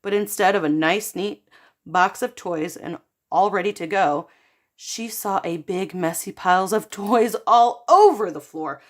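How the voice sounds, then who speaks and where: A woman who teaches art reads a children's picture book aloud in an animated storytelling manner and talks directly to her young students. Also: mid-range voice, a little slow.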